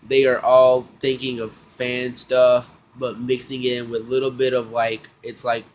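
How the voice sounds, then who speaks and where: Man, excitable slangy anime recap, medium pitch, faint background hiss. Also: unhurried. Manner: slangy, excitable, acts out characters' lines with laughs. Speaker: anime review vlogger. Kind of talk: casual episode recap.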